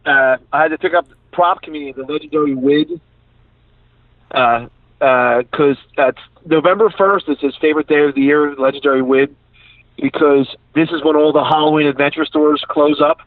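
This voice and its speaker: Philly guy calling in from his truck, kinda high voice, rambles and laughs a lot, tinny dry phone sound. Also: steady tone, normal speed, dry recording. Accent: Philadelphia. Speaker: comedian guest. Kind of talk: casual chat. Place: inside his parked truck. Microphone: phone call.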